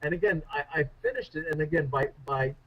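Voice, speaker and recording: Man, speaking coach, interview guest, animated storyteller, self-deprecating, muffled radio sound. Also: a little high, fairly quick, slightly rough. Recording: muffled radio show audio.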